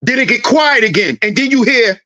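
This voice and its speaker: A man's voice: extremely high pitch, lively intonation, normal speed, pushed and bright. A man hosting a commentary channel, delivering a heated, preachy monologue and acting out confrontations in a dad's voice. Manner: preachy, confrontational, acts out scenes.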